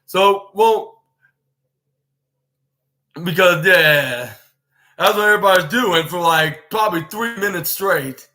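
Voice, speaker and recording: A man's voice: sits high, animated, slow pace, pauses often, bright, forceful tone. A man hosting a podcast, retelling a wrestling show in a rambling play-by-play way. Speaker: podcast host. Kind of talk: casual wrestling show recap.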